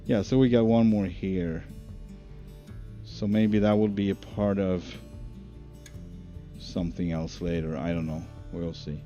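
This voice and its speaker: A man's voice: sits low, steady tone, a little slow, long pauses, mellow, lo-fi sound. A man streaming a driving game, chatting casually and thinking aloud with many fillers. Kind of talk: casual live-stream commentary. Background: music.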